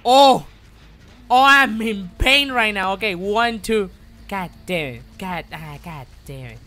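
Bright-voiced excitable swearing gamer man. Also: high voice, slow pace. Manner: swearing, excitable, talks to the game. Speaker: streamer. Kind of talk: live gameplay commentary.

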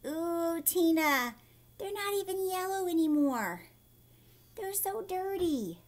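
A woman teacher reading a children's book aloud, animated and asking her young listeners questions. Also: extremely high pitch, slow pace. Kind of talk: read-aloud storytime for children.

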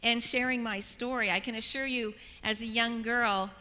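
A woman's voice: a little high, fairly even intonation, moderate pace. A woman from Canada giving a casual, self-deprecating personal testimony as guest speaker at a church. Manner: chatty, self-deprecating, conversational. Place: church sanctuary. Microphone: clip-on mic. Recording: dull reverberant church recording.

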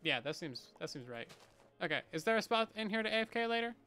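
A man gaming on a livestream chats casually and playfully with his viewers, with bursts of mock panic. He talks fast in a high, sing-song, bright, forceful voice, with soft background music underneath.

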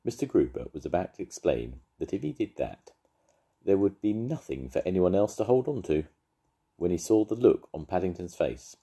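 Older grandad reading a bedtime story. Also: male voice, low-pitched, normal speed, slightly rough. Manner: lively, expressive storytelling. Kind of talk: reading a children's story aloud.

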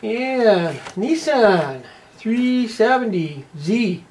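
A man's voice: sits high, animated, extremely slow, a little mellow, slight background noise. Folksy Canadian man unboxing toy cars. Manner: folksy, rambling, tags lines with "eh". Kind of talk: casual unboxing commentary.

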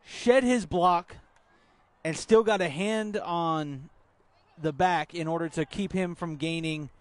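A man calling youth football play-by-play outdoors at a field, relaxed, with filler words. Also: a little high, a little slow. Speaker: play-by-play commentator.

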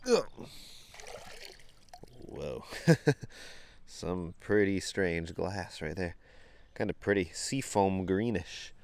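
A man's voice: low-pitched, creaky, darkish tone. A man, vlogging outdoors as he wades a creek, talking casually to a handheld camera, easily delighted and laughing often. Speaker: vlogger bottle hunting in a creek.

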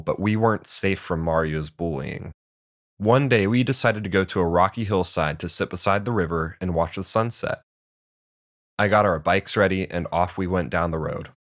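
Deep-voiced male storyteller. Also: a bit bright, no room sound, clean studio sound. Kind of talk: first-person storybook narration.

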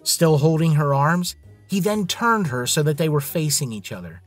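A man's voice: fairly high pitch, lively intonation, moderate pace, no echo, soft background music. A man narrating a scripted drama story in a dramatic storytelling manner.

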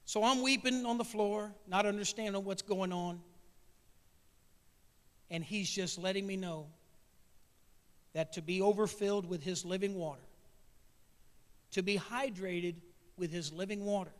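A Midwestern American man preaches to his congregation, his voice sitting fairly high as he talks in a plain, folksy, emotional way. He asks the crowd questions and speaks to them directly. The sound carries the long echo of a church sanctuary. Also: fairly even intonation, measured pace, pauses often, fairly bright tone. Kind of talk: sermon.

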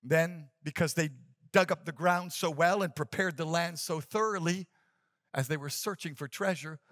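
Male pastor, sermon, emphatic call-and-response, high voice, dry recording. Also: moderate pace, fairly bright tone, no room sound.

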